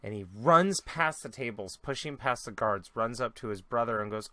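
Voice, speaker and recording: Bright-voiced young man running a game. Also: medium pitch, moderate pace, no room sound. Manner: relaxed, loose storytelling with many fillers. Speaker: dungeon master. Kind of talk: narrating a tabletop game.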